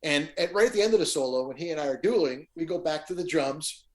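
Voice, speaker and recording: A man's voice: a little high, fast talker. A middle-aged man, a guest musician, telling stage anecdotes in a casual chat and acting out the quotes. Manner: animated anecdote teller, acts out quotes.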